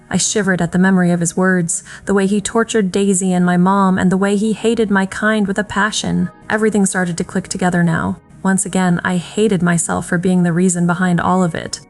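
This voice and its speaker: A woman's voice: lowish voice, little pitch movement, a little fast, few pauses. A woman giving a first-person, emotional reading of a dramatic romance audiobook, with faint music behind. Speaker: audiobook narrator.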